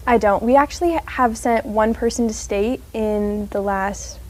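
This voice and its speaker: A teenage girl chatting casually on a student show, relaxed and reflective, often checking that she makes sense. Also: fairly high pitch, unhurried. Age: teens. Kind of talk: casual chat.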